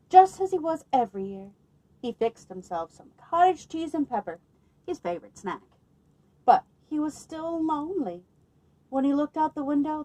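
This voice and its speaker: A woman librarian reading a picture book aloud at children's story time, expressive and lively, pausing to ask her listeners questions. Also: high voice, rough recording.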